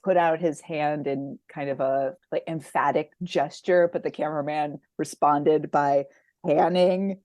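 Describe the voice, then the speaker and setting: A woman's voice: sits low, steady tone, a little slow, darkish tone, no echo. A woman co-hosting a podcast in casual chat, quippy and wry, often laughing while she talks. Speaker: podcast co-host.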